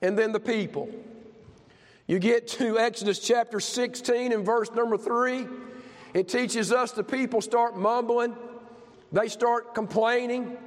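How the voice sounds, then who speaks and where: A man's voice: very high voice, steady tone, a little slow, long pauses. A grandfather in his fifties preaching a sermon as pastor, with a fervent delivery that rises and falls. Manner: fervent, rising and falling preaching cadence. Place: church sanctuary. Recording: long hall reverb.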